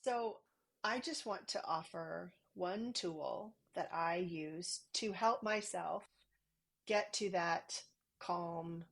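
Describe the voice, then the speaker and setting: A woman speaking calmly and gently on a parenting podcast, guiding listeners through a practice. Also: lowish voice, slow, vocal fry, slightly rough.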